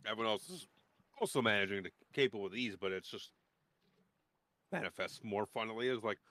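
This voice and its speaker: A man's voice: fairly low pitch, brisk, long pauses, a bit bright, no echo. A man narrating a tabletop game as dungeon master, in a loose, rambling way with many fillers.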